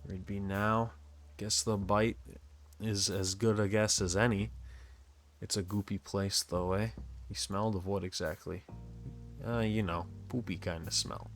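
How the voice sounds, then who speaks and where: A man's voice: fairly low pitch, fairly even intonation, measured pace. A man voicing a cheerful, chatty family man in a game, telling long rambling jokes. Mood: gossipy. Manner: rambling jokey storytelling.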